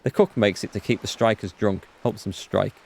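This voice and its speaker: A man's voice: fairly low pitch, fairly even intonation, normal speed, creaky, a little mellow, breathy edge. A man reading the lines of an odd, forgetful middle-aged male detective in a game, hesitant and plain, in his own voice. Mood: offbeat.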